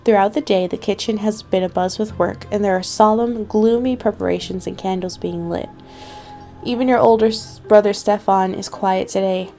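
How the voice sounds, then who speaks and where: A woman's voice: medium pitch, fairly even intonation, normal speed, mellow, soft background music. A young woman hosting a gaming video, reading the story text aloud with playful asides. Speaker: gaming channel host. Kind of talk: let's play narration.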